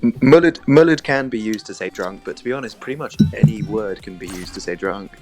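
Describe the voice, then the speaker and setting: A British man with a low, deep voice talks easily on a voice chat, patiently explaining local slang. Faint music sits underneath the conversation. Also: lively intonation, brisk, a little mellow. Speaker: stream guest. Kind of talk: casual voice-chat banter.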